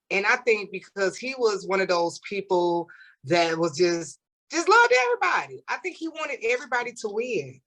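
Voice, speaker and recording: A woman's voice: mid-range voice, a bit bright. A woman in her forties, hosting an interview and talking frankly in a casual, candid way. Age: 40s. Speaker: interview host.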